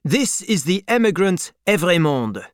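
A man voicing harsh shouting revolutionary officials. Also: high-pitched, big pitch swings, measured pace, no echo, clean studio sound, pitched above the performer's own voice. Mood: commanding. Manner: harsh, loud, commanding delivery. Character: stern revolutionary French officials and patriots, male.

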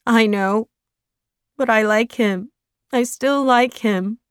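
A woman's voice: lowish voice, unhurried, clean tone, no echo, studio quality, close to an everyday voice. A woman voicing a lovesick teenage girl who speaks with emotion and pleading in a storybook reading. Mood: tearful.

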